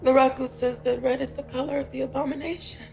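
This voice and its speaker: An actress playing a wary young woman in a sect, speaking flatly in a TV drama clip. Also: high voice, fast talker, creaky. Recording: TV clip with music behind.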